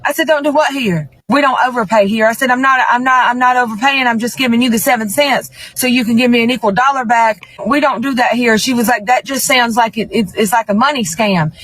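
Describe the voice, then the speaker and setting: Bright high woman telling a rambling story. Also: a little fast, few pauses, breathy edge, low-quality recording. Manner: rambling, repeats herself, acts out the exchange. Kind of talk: comedic storytelling.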